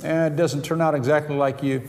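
Chuckling preacher in a big reverberant hall. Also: male voice, a little high, level tone, fairly quick, darkish tone. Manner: storytelling with chuckles, quoting dialogue in his own voice. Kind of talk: sermon. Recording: reverberant hall, faint background noise.

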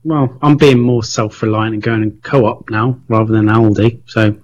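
A man's voice: lowish voice, fairly even intonation, normal speed, a little mellow, dull audio. A man co-hosting a radio show in a laid-back, giggly way with mumbled asides. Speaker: radio co-host. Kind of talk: casual radio chat.

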